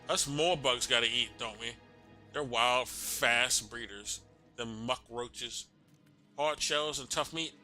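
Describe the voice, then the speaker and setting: A man voicing a pair of scrappy male bug roach keepers in a put-on Cockney accent, gruff and slangy, while reading game dialogue aloud. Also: mid-range voice, slow, sharp tone, faint music behind. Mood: gruff wary.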